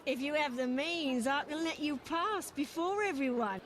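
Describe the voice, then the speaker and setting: A woman's voice: sits high, moderate pace, fairly bright tone, a little hiss or hum. An actress playing a polite, coaxing young woman.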